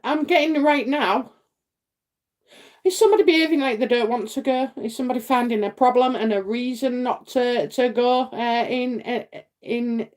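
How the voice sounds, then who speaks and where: Middle-aged British woman, psychic live-streamer, slightly high voice, rambling and chatty, quick to laugh. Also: darkish tone. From United Kingdom. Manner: chatty and rambling, many fillers and tag questions; laughs often. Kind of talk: casual live-stream reading.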